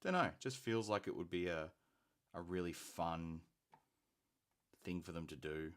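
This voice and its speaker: Aussie guy with a real low voice, rambly easygoing stream host chat. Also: unhurried. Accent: Australian. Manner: chatty and rambling, thinking aloud with fillers. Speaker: host of a hobby painting stream. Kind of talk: casual live-stream chat.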